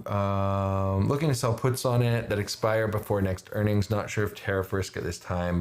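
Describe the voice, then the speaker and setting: A man's voice: sits low, dark tone, roomy sound. A man hosting a casual livestream about options trades, thinking aloud as he builds them, with many fillers and restarts. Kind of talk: casual live market commentary.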